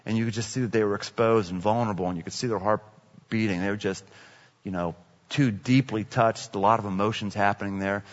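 A man's voice: on the low side, steady tone, brisk. A man preaching a sermon as a pastor, telling stories conversationally and repeating key phrases for emphasis. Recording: echoey hall, dull lo-fi sound.

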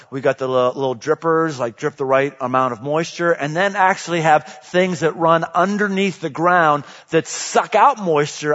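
Animated male pastor in a reverberant hall. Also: fairly high pitch. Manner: animated, swings from quiet to loud emphasis. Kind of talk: sermon. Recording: dull audio with long hall reverb.

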